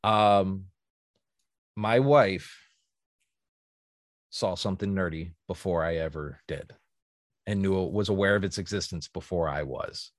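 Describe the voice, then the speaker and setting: A man's voice: deep voice, a little slow, pauses often, no room sound, studio quality. A man hosting a podcast in casual chat, telling a story animatedly and acting out quotes. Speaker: podcast host.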